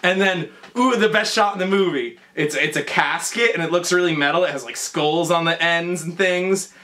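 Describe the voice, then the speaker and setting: A drunk young man tells a film's plot in a comedy bit, his voice high-set and bright. He stumbles, restarts and giggles as he goes. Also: moderate pace. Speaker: comedy performer. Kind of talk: comedic drunk recap of a movie.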